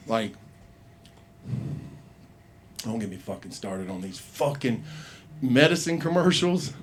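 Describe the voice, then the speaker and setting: A man's voice: medium pitch, sing-song, moderate pace, a little hiss or hum. Rambling, profane man doing stand-up. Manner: rambling, profane, laughs at own jokes. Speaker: stand-up comedian. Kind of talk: open mic stand-up. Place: small comedy bar.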